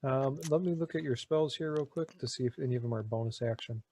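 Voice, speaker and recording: A man's voice: mid-range voice, fast talker, mellow. A man running a tabletop role-playing game as dungeon master, explaining rules with frequent fillers and restarts.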